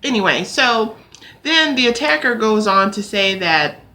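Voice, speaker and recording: A young adult woman vlogging to camera, ranting in an animated, exasperated way and swearing now and then. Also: medium pitch, a little slow. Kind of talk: ranting casual vlog.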